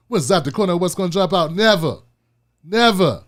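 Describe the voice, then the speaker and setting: A man hosting a political commentary show, talking in an animated, casual and repetitive way. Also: sits high, moderate pace. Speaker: host.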